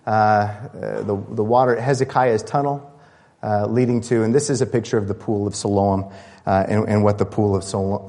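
A man pastor preaching a sermon, lively and building with excitement, often restarting his sentences. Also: mid-range voice, long reverb tail.

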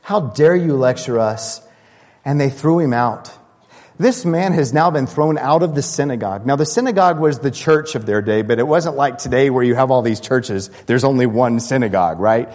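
A man pastor preaching a sermon, lively and building with excitement, often restarting his sentences. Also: mid-range voice, a little fast, in a large hall.

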